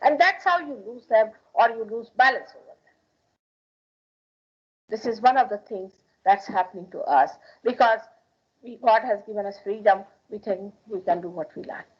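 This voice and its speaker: A woman's voice: mid-range voice, normal speed, husky. A woman from India with an Indian accent, giving an emphatic public spiritual talk in a hall and repeating phrases for stress. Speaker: spiritual teacher. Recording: dull lo-fi archival 1981 recording.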